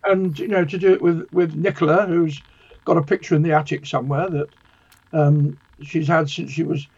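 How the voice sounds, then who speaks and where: A man's voice: fairly high pitch, steady tone, moderate pace, darkish tone, breathy edge, highs cut off. An older man from northern England, a guest actor telling stories in a chatty, theatrical way. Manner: chatty storyteller, theatrical quoting voices. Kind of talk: casual anecdotal chat.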